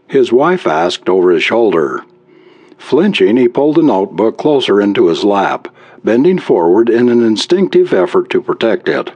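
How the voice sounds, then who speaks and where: Husky male audiobook narrator. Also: on the low side, very animated, measured pace, a little mellow, dry recording.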